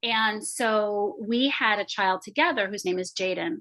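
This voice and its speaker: A woman guest, a coach and former psychotherapist, answers podcast questions in a quick, articulate way. Her voice is bright and forceful, at an ordinary pitch for a woman. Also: low-quality recording.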